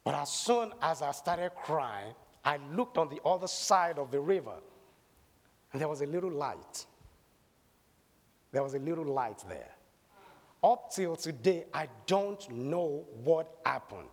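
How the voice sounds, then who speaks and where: A man preaching a sermon, telling a personal story dramatically and building to loud exhortation and prayer. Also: a little high, lively intonation, unhurried. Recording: long hall reverb.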